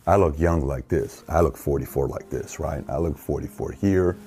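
A man's voice: a bass voice, moderate pace, warm tone. A man in his forties hosting an opinionated commentary, talking emphatically and firing rhetorical questions at the listener. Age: 40s. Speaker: show host.

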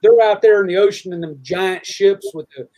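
A high-pitched man, talking loosely and drawling through stories about fishing and barbecue. He rambles, restarts his sentences and jokes as he goes, in an easy, casual chat. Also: brisk, mellow. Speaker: fishing and cooking show host.

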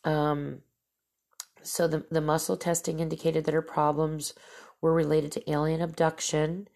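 A woman's voice: low-pitched, little pitch movement, measured pace, vocal fry, a little mellow. A woman telling strange accounts aloud in a plain, matter-of-fact way, with dry asides. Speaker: storyteller.

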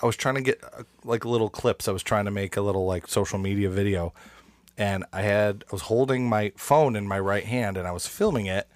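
A man's voice: on the low side, fairly quick, no echo, studio quality. A man co-hosting a podcast, telling a story in a casual, rambling way. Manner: rambling storyteller with frequent restarts. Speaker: podcast co-host. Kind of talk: casual chat.

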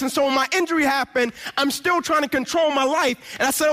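A man's voice: very high voice, fast, hardly any pauses, pushed and bright. A young man giving an inspirational testimony speech, telling his story with repeated refrains. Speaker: motivational speaker.

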